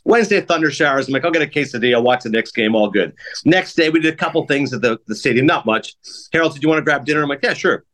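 A middle-aged man hosting a podcast, telling casual stories at a rapid clip and acting out what people said. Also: medium pitch. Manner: rapid, animated anecdotes with acted-out quotes. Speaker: podcast host. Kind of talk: casual storytelling chat.

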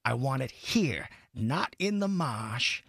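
A man putting on a slow, drawling impression of a famous film actor. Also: medium pitch, very animated, creaky, fairly bright tone, dry recording, voice pushed down, heavily acted.

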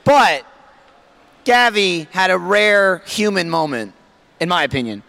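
Man co-host, high, lively, gravelly, bright edge, profane and excitable. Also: measured pace. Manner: swearing, excitable. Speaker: podcast co-host. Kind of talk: casual banter.

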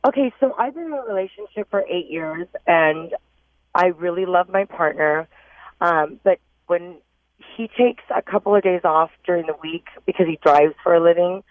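A woman's voice: lowish voice, moderate pace, no echo. A woman calling in to a radio advice show, explaining her problem somewhat hesitantly. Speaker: caller. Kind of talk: call-in radio conversation. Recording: tinny phone line.

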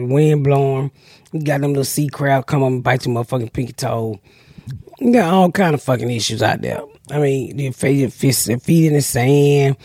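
A woman's voice: rumbling low, mellow, no room sound, studio quality. A woman podcast host telling brash, profane stories in casual comedic chat, acting out the people she quotes.

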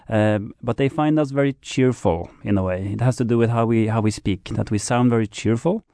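A man's voice: mid-range voice, fairly quick, hardly any pauses, warm tone, clean tone, no room sound, clean studio sound. A man from Norway with a Norwegian accent, a guest guide answering in an easygoing, hesitant way. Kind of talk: studio chat interview.

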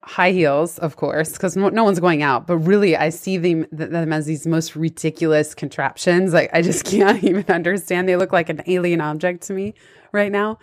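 A woman's voice: on the low side, steady tone, normal speed. A woman who works as a life coach, hosting a conversational interview over a video call and talking in an enthusiastic, reflective way.

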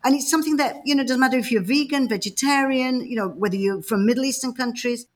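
A woman from the north of England, co-hosting a podcast and telling stories in a lively, emphatic, casual way. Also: high-pitched, fast. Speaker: podcast co-host. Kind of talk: casual chat.

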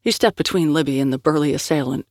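A woman's voice: sits low, darkish tone, no room sound. Woman narrating an audiobook, dry. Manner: measured storytelling.

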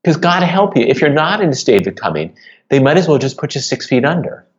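A man's voice: fairly high pitch, big pitch swings, quick pace, highs cut off. A man, an author and guest on a podcast interview, speaking earnestly and getting choked up as he tells a personal story. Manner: earnest, emotional storytelling, choking up.

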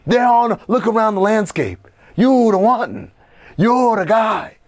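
A man putting on the voice of a smooth-talking Hollywood hustler who speaks low and coaxing. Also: expressive, takes it slowly. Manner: low, coaxing, calls listener baby.

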